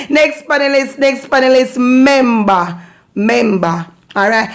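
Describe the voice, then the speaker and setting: A woman's voice: sits high, takes it slowly, background noise. Playful Jamaican woman teaching patois. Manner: playful, laughs often, lilting patois phrases. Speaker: channel host teaching patois. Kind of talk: casual video lesson.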